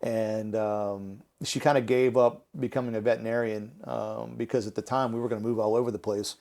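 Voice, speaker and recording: A man, a podcast guest telling stories in a relaxed, conversational way. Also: lowish voice, brisk, vocal fry. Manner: animated, laughing through anecdotes, acting out quotes. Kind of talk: conversational storytelling.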